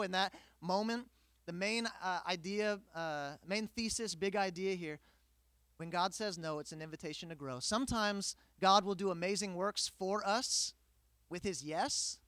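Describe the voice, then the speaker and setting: High-voiced animated male preacher. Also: no room sound. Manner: animated storytelling with humor. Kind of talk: sermon with personal story.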